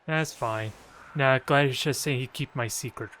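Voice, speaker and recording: A man's voice: mid-range voice, moderate pace, fairly bright tone, a little hiss or hum. A man casually commentating his own video game match, joking and trash-talking his opponent. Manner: playful, jokey trash talk.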